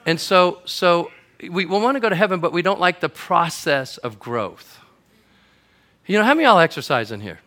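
Middle-aged pastor guy preaching, pretty high voice, tells a story and gets loud at the big moments. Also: moderate pace. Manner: lively storyteller, builds to shouting at the climaxes. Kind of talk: sermon with a comic story. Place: church auditorium before a congregation.

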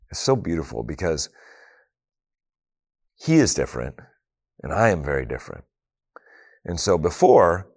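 Deep middle-aged guy, earnest faith talk, chatty with lots of "you know". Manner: earnest, conversational, with many "you know" asides. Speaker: speaker. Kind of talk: faith talk with personal storytelling.

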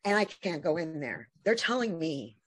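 Woman guest, impassioned and halting, husky low-ish voice, interview chat. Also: big pitch swings. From New York. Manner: emotional, halting, many restarts. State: tearful at times.

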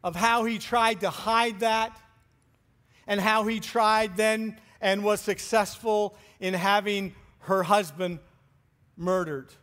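Male pastor, sermon, high voice, slow deliberate delivery, soft trailing endings. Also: steady tone. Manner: slow, deliberate preaching with pauses, trailing off softly.

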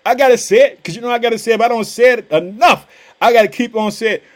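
A man preaching a fervent, energetic podcast sermon in casual street phrasing, often crying out hallelujah. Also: very high-pitched, quick pace. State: pumped up.

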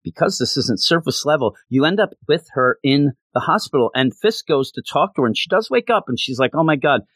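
A man's voice: medium pitch, animated, a little fast, a bit bright, dry recording. A man reviewing a comic book in a casual, rambling, passionate way, with lots of fillers.

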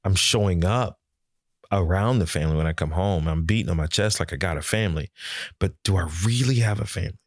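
Deep voiced guy cohosting a podcast, blunt, cusses, gets loud for emphasis, dry sound. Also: a little fast, no room sound. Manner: blunt, swears, rises to loud emphatic peaks. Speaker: podcast co-host. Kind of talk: casual podcast chat.

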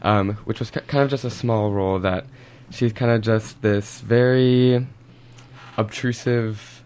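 A teenage boy, a high school actor, answering earnestly in an interview. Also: fairly even intonation, measured pace, darkish tone, clean tone. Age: teens. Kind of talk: casual interview talk.

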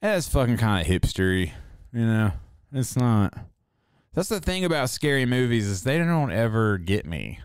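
A man's voice: medium pitch, sing-song, moderate pace, clean tone, dry recording, studio quality. A man in his forties telling rambling, profane stories in casual chat. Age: 40s. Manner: profane, rambling storytelling with laughs.

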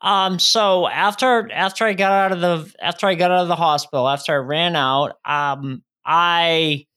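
A man in his thirties, a guest speaker telling his own story in a podcast interview, earnest and halting with frequent restarts. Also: on the high side, steady tone, sharp tone, smooth.

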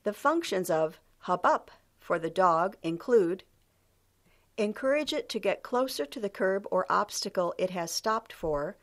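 A woman's voice: medium pitch, expressive, measured pace. A woman giving a scripted instructional narration, reading steadily and calling out each section heading.

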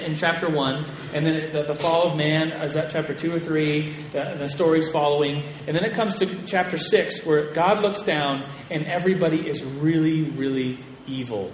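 A man teaching a Bible class to a group in a casual, chatty way, with an animated storytelling manner and frequent restarts, in a large hall. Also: fairly high pitch. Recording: echoey hall with long reverb, faint room noise.

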